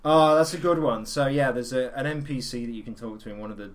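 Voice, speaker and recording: Brief: male co-host, jokey and sweary, mid-pitched, quick to do silly voices. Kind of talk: casual chat.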